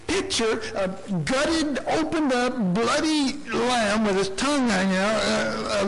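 A man preaching a sermon, dramatic and impassioned, swinging from soft asides to loud shouts. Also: very high voice, slow, vocal fry, hardly any pauses, rough recording.

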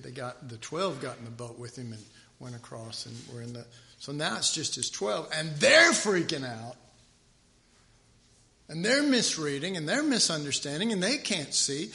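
A man's voice: a little high, creaky, sharp tone. A man preaching a sermon in a rambling, conversational way, restarting his sentences often.

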